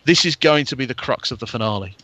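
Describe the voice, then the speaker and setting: A man's voice: medium pitch, lively intonation, fast, pushed and bright. A man co-hosting a podcast, chatting eagerly and spinning theories about a TV show. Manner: enthusiastic, theorizing. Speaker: podcast co-host. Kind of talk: casual chat.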